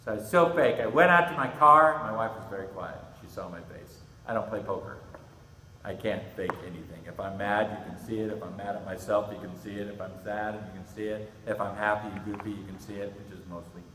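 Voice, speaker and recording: Middle-aged male pastor, low voice, animated youth sermon, long reverb hall with faint background hum. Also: a little fast, far from the mic. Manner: animated storytelling, acts out quotes. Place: church hall. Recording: echoey hall with faint ambience.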